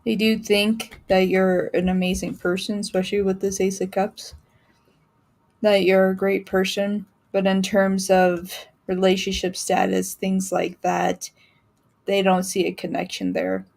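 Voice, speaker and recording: A woman giving a live-stream tarot reading in a chatty way, laughing often and filling pauses with ums. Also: mid-range voice, vocal fry, a little mellow. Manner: chatty, laughing, many fillers. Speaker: tarot reader.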